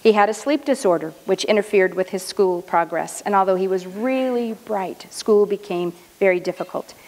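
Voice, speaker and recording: A middle-aged woman telling a personal story at a luncheon in a measured, earnest way. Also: mid-range voice, darkish tone. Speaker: speaker. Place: luncheon hall. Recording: reverberant hall.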